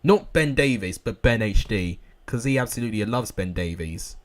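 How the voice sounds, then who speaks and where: A young man commentating football games live for viewers, excitable and out of breath. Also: on the low side, normal speed. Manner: shouts and laughs at goals, chats with viewers.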